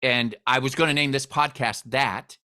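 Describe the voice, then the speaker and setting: Man, podcast host, bright clear voice, casual storytelling chat. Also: mid-range voice, moderate pace. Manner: storytelling, animated when quoting others.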